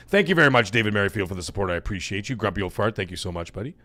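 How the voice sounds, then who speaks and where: A man's voice: mid-range voice, animated, racing, hardly any pauses, pushed and bright, faint music behind. A man hosting a casual gaming livestream, chatty and rambling, laughing often as he reads chat. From Italian-American background. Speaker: livestream host.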